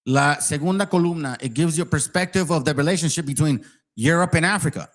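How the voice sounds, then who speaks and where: A man rants heatedly in a voice that sits a little high for a man. He swears freely and slips into sarcasm as he argues his point, talking straight to his viewers. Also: fast talker, a bit bright. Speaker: channel host. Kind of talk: ranting commentary.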